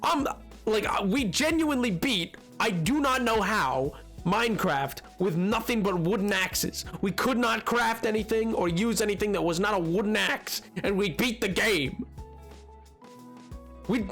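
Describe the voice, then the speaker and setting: A man's voice: high-pitched, lively intonation, a little slow, fairly bright tone, faint music behind. A young man streaming a game, chatting casually in a rambling, self-mocking way and laughing often. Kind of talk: casual gaming stream chat.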